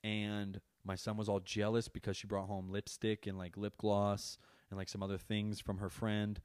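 A man's voice: fairly low pitch, monotone, normal speed, darkish tone, clean tone, dry recording, studio quality. A man hosting a podcast, talking casually about being a parent and ranting in an exasperated, profane way. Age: adult parent. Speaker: podcast host. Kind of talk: casual monologue.

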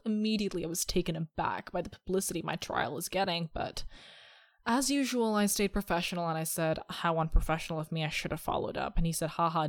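A woman's voice: on the low side, dry recording, clean studio sound. A young woman hosting a podcast, telling stories in a chatty, sarcastic way. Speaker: podcast host. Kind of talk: casual chat.

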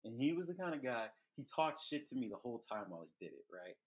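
A young man hosting a podcast, telling a childhood story in loose, profane casual chat that gets animated. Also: mid-range voice, fast. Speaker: podcast host.

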